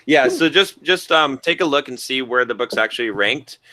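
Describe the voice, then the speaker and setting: A man's voice: medium pitch, expressive, moderate pace, bright, forceful tone. A man co-hosting a podcast, chatting casually and rambling through restarts and jokey asides. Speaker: podcast co-host. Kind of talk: casual chat.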